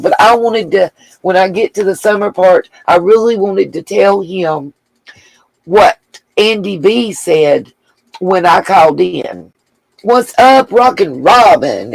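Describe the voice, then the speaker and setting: A woman's voice: lowish voice, creaky, husky, dry recording, rough recording. A woman hosting a casual livestream, reading viewer comments aloud and thanking them with gushing endearments. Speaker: livestream host.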